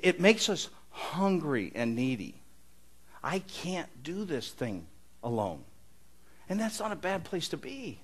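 A middle-aged man preaching a sermon in an earnest, conversational way with touches of humor. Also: on the high side. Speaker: pastor.

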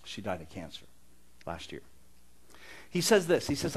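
A man's voice: lowish voice, big pitch swings, normal speed, pauses often, husky. Earnest conversational male preacher. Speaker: pastor. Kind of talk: sermon.

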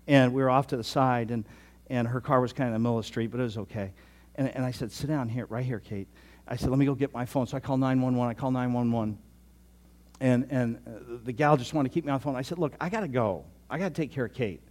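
A pastor in his sixties telling a story in a sermon, chatty, often repeating himself and dropping to a soft voice. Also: mid-range voice, fast talker. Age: 60s. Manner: conversational, repeats words, drops to soft tones.

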